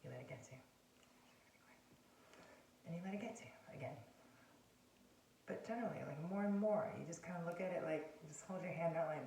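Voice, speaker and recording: A woman's voice: on the low side, fairly quick, pauses often, warm tone, slight background noise. Woman, casual advice talk, repeats herself, sinks to whispers, roomy echo, distant from the mic. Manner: rambling, repeats phrases, often drops to a whisper. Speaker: self-help video host. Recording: roomy sound, distant from the mic, faint ambience.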